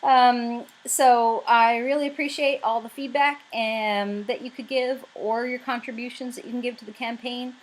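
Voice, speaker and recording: A woman's voice: fairly high pitch, a little hiss or hum, rough recording. A woman with a Canadian accent talking casually to camera about her writing campaign, chatty and rambling with lots of fillers. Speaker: writer pitching her crowdfunding campaign.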